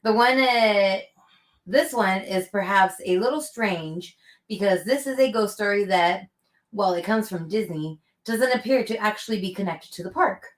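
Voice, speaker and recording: A woman's voice: mid-range voice, normal speed. A woman co-hosting a casual livestream chat, chiming in with short agreeing replies. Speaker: co-host. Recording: roomy echo.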